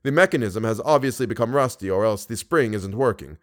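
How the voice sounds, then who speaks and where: A man voicing a grave, cautious older Persian guide with a Persian accent, speaking in a low, measured, hushed way in an audiobook reading. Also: lively intonation, close to an everyday voice.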